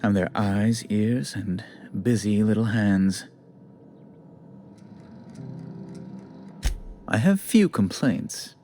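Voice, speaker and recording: An actor playing a prim, self-pitying corporate official in a video game, speaking in clipped, theatrical formal diction. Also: male voice, on the low side, lively intonation, takes it slowly, darkish tone, a little hiss or hum. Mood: flustered. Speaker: corporate board representative. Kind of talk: video game character dialogue.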